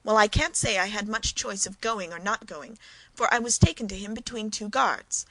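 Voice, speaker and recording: A woman's voice: medium pitch, moderate pace, a bit bright, no echo, poor audio. A woman reading the part of a self-important, cowardly middle-aged mercer in a storybook reading, speaking emphatically. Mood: pompous.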